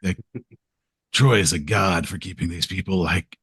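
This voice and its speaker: A man's voice: low voice, a little slow, fairly bright tone, husky, dry recording, clean studio sound. A man being interviewed as a podcast guest, telling rambling, self-deprecating stories and acting out what he said. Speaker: podcast guest, game video creator. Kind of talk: casual interview storytelling.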